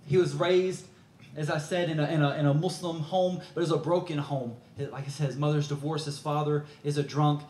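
A man's voice: fairly high pitch, steady tone, a little fast, darkish tone, reverberant. A man preaching a sermon, telling a story in an earnest, conversational way.

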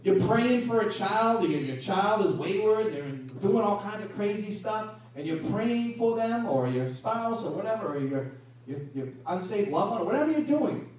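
Male pastor, high voice, lively sermon delivery, distant mic in a very roomy hall. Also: moderate pace. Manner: animated preaching with rhetorical questions. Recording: echoey room from a distance.

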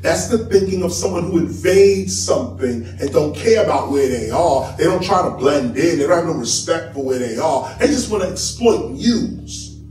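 Man lecturing, high voice, lively swoops in pitch, emphatic preaching, echoey hall, heard from afar, faint music behind. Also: moderate pace, distant mic. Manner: animated, preaching, emphatic, chuckles between points. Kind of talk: public lecture to an audience.

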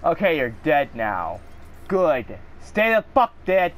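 A gaming video creator rants angrily and profanely at the game during live commentary. His voice is slightly high with big pitch swings, and he talks slowly.

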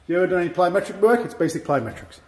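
A man with a high voice teaches a karate class, talking through moves as he shows them. His manner is chatty and light, with self-mocking asides. The sound is echoey, as in a large training hall. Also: rapid-fire. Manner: chatty, explains with demonstrations, self-deprecating jokes. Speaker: karate instructor. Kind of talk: dojo class explanation.

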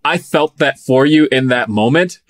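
A man's voice: mid-range voice, normal speed, no echo, clean studio sound. A man hosting an interview, asking eager, rambling questions. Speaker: podcast host.

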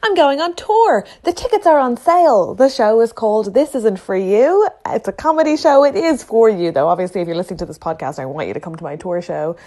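A woman's voice: a little high, expressive, a little fast, hardly any pauses, warm tone. Wry woman reading a tour promo. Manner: wry, self-deprecating. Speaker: comedian promoting her tour. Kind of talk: read promo.

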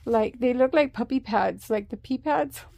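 A woman vlogging a health update to a nearby camera, telling her story in a slow, rambling way with many fillers and restarts. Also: on the high side, vocal fry, darkish tone, no room sound.

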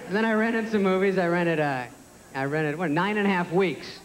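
Sarcastic young man doing stand-up. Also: moderate pace. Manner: sarcastic, self-deprecating, jumps into high squeaky voices for characters. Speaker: stand-up comedian. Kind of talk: stand-up comedy set. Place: theater stage before a live audience. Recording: live stage recording in a large hall with audience noise.

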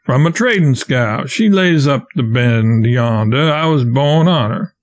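A man reading the part of a frightened young stowaway who pleads and spins quick tales. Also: mid-range voice, animated, close to an everyday voice. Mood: pleading. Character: scared young stowaway boy, quick with a lie.

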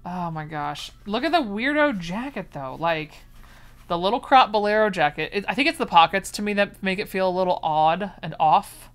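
A woman's voice: medium pitch, expressive, normal speed, a bit bright. A woman chatting enthusiastically while unboxing vintage sewing patterns, gushing over each find. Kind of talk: casual unboxing chat.

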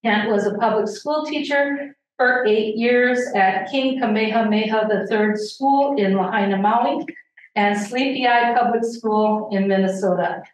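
A woman's voice: fairly high pitch, unhurried. Woman introducing a guest in an echoey hall. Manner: reads a prepared introduction. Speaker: association president. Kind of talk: formal introduction. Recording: very echoey and distant.

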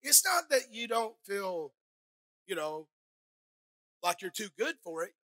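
A middle-aged woman pastor preaching a sermon on a clip-on mic, swinging from soft asides to loud shouted peaks and joking with the congregation. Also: mid-range voice, sing-song, slow. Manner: playful, talks directly to the congregation. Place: church sanctuary. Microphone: headset or clip-on microphone.

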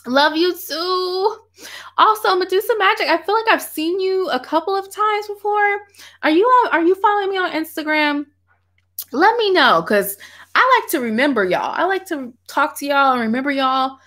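A woman's voice: very high voice, lively intonation, moderate pace, a bit bright. A woman, chatting animatedly with viewers on a livestream from her home office and laughing often. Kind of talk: casual livestream chat.

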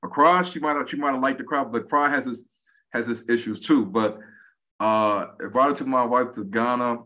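A man's voice: mid-range voice, moderate pace. A man in his forties, a podcast guest chatting casually and acting out quoted speech as he tells stories. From United States. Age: 40s. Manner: animated storyteller, acts out quoted speech. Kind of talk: casual conversation.

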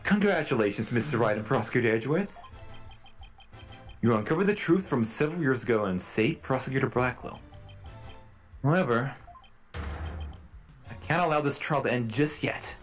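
A man voicing a stern elderly male judge, reading game dialogue aloud in a formal, measured way. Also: medium pitch, lively intonation, soft background music, close to an everyday voice, low-quality recording. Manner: formal, measured courtroom delivery.

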